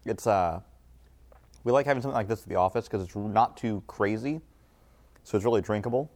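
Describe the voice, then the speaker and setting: A man talking in a relaxed, explanatory way in a casual chat. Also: lowish voice, fairly quick.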